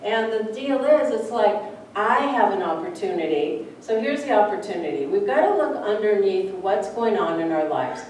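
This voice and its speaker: A woman's voice: medium pitch, lively intonation, moderate pace, darkish tone. A woman minister giving a chatty, story-filled sermon, often acting out the voices of people in her stories. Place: church sanctuary. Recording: echoey room, distant mic, faint background noise.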